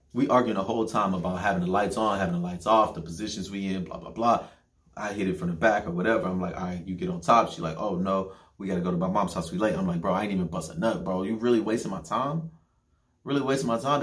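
A young man with a notably low voice tells a personal story in loose, casual talk. He swears freely and uses plenty of slang. When he acts out what other people said, his delivery turns animated. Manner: profane, animated, slangy, quotes others in raised voice.

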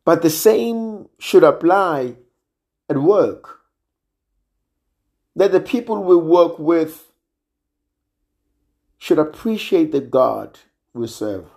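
A man preaching a sermon in a slow, measured way, sometimes dropping almost to a hush for emphasis. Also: on the high side, expressive, vocal fry. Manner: slow and measured, drops to near-quiet emphasis.

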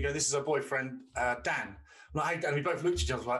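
A man's voice: medium pitch, rapid-fire, a bit bright. A man, co-hosting a podcast and telling long, sweary anecdotes in casual chat. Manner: rambling anecdotes, swears freely. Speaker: podcast co-host.

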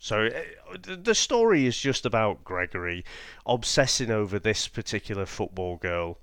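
A man co-hosting a podcast, casually chatting about an old film, laughing often and talking in a measured way with many fillers. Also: fairly low pitch, big pitch swings, fairly bright tone, clear, resonant tone, no echo, clean studio sound. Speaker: podcast co-host. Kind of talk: casual film review chat.

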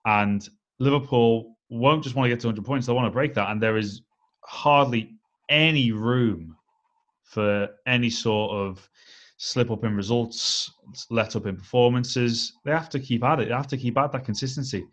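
Measured man talking football. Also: medium pitch, fairly bright tone. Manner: measured, analytical, leans on "I think" and "um". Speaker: podcast co-host. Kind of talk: casual football chat.

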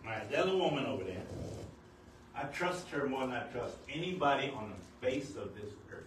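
An older man, married nearly fifty years, preaching a sermon as pastor, at times rising to shouts. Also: medium pitch, animated, fairly quick. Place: church sanctuary. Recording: very echoey church hall, distant mic, noisy.

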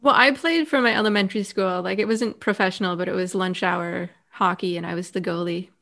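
A woman's voice: lowish voice, fairly even intonation, fairly quick, creaky, a bit bright. Female podcast co-host, casual chat, laughs easily, dry short answers. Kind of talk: casual movie discussion chat.

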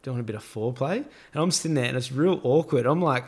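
A man's voice: medium pitch, animated, fast talker, husky. Man rambling through a story. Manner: rambling, filler-heavy, laughs through his story. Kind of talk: casual storytelling.

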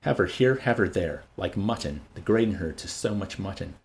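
A man's voice: sits low, normal speed, close to an everyday voice. A man reading an audiobook voices a bitter, jealous young man in an agitated, resentful tone. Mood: seething.

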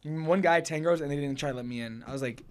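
A man's voice: on the high side, quick pace, clean tone. A man from New Jersey hosting a podcast, chatting casually in a blunt, profane way and laughing easily. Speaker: podcast host. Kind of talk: casual chat.

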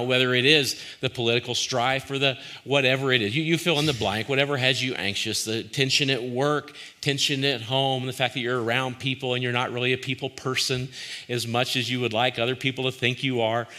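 A man's voice: medium pitch, bright, forceful tone. A man, likely a pastor, giving a reflective devotional talk in a conversational, searching way, often restarting his sentences and asking listeners questions directly.

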